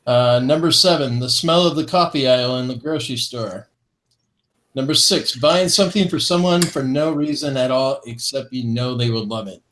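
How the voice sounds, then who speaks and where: A man's voice: mid-range voice, moderate pace, fairly bright tone. Upbeat man chuckling through a list. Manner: upbeat, chuckling between items, fond of corny jokes. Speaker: co-host of a vaping talk show. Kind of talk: casual chat, reading a list aloud.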